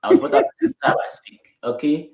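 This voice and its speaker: A woman's voice: low-pitched, huge pitch swings, a little fast, vocal fry, mellow, echoey room. A middle-aged woman speaking as an interview guest in an emphatic, repetitive, affirming way. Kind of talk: interview conversation.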